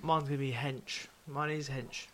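A man's voice: mid-range voice, steady tone, a bit bright, slight background noise. A young man with a British accent, teasing his friends in a casual podcast chat. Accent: British English. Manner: teasing, banter, quick asides. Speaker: podcast co-host.

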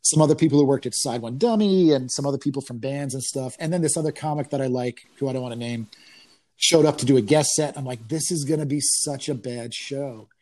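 A man casually telling stories from comedy tours, full of swearing and laughter, jumping up in pitch when he acts out what people said. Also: a little fast. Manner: profane, animated storytelling with laughs; acts out quoted voices in higher pitch. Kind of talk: casual podcast chat.

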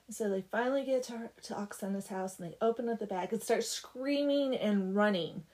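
A woman's voice: mid-range voice, a little fast, darkish tone, low-quality recording. A woman casually retelling a folk tale, chatty and full of "like". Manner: chatty, peppered with "like". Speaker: storyteller.

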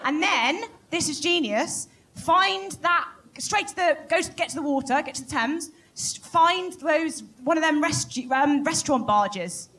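A British woman hosting a comedic live podcast, telling stories in an animated, laughing way. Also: sits high, a little slow, few pauses. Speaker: podcast host. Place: live podcast stage before an audience.

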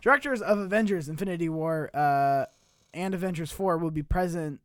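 A man's voice: fairly high pitch, normal speed, no echo, studio quality. A man hosting a casual podcast, swearing freely and laughing often as he riffs with friends. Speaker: podcast host.

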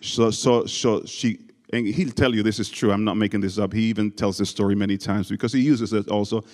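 A man preaches to a congregation, speaking English with a non-native accent and mixing jokes into his personal stories. His voice sits on the low side. Long reverb from a large church hall trails behind every phrase. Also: fairly even intonation, brisk, a little mellow. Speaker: guest preacher.

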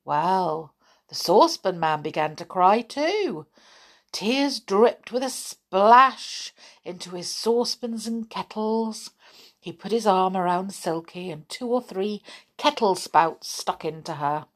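A woman's voice: mid-range voice, lively intonation, slow. A woman reading a children's story aloud, chatting to young listeners in a sing-song way.

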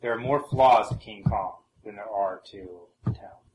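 A man's voice: fairly low pitch, moderate pace, roomy sound, noisy background. A man co-hosting a casual film discussion podcast, thinking aloud and hedging with many ums. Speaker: podcast co-host.

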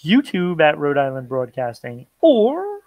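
A man co-hosting a pop culture podcast, chatting casually with relaxed restarts and plugging the show's channels. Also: on the high side, measured pace, no echo. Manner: laid-back, chatty, with frequent restarts and plugs. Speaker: podcast co-host. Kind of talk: casual chat.

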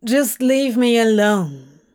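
A woman's voice: a little high, lively intonation, slow, a little mellow. A woman voicing a sullen, guarded male demon who speaks curtly and bitterly in a storybook reading. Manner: curt, bitter.

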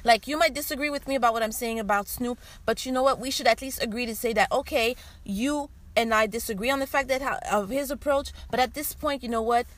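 A woman host giving an impassioned opinion monologue, emphatic and animated, talking straight to her listeners. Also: on the high side, fast, few pauses. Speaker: podcast host.

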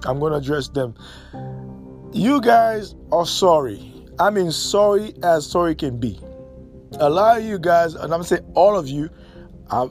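Impassioned man with a higher voice. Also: a little mellow. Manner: preachy, repeats points, fires rhetorical questions. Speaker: social commentator. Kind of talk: impassioned monologue.

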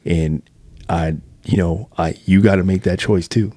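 Podcast co-host, man in his 30s, very low husky voice, earnest and reflective. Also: fairly even intonation, measured pace, dark tone, dry recording. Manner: earnest, reflective, many "you know" fillers. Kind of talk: casual chat.

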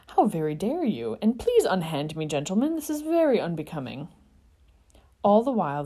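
A woman narrating a fan fiction story in an expressive, dramatic reading. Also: sits low.

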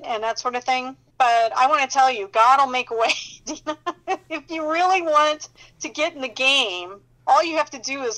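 High-voiced woman sharing a faith story. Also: a little slow, low-quality recording. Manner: animated storyteller who laughs often and acts out dialogue. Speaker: Christian counselor sharing her testimony. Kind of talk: casual faith testimony storytelling.

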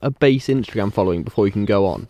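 A man's voice: on the low side, quick pace, mellow, no echo. Young man, dry-witted podcast co-host, close, dry sound. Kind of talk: casual chat.

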